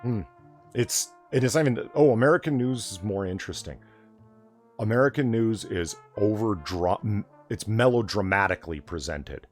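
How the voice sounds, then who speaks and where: A man's voice: on the low side, moderate pace, soft background music. A man hosting a late-night casual chat, talking in a sardonic, profane rant. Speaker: host.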